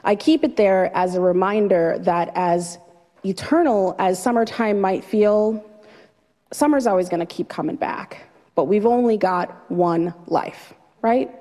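A woman vividly telling a true personal story to an audience, dramatic and lively. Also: mid-range voice, unhurried, long reverb tail. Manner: vivid, dramatic retelling with a light laugh.

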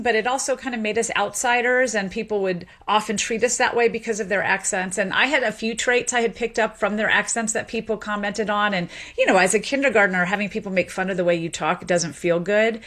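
Animated Southern woman explaining at length. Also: mid-range voice. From Memphis, Tennessee, USA. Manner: animated, explains at length with frequent "you know" and laughs. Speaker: guest linguistics professor. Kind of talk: explanatory interview answers.

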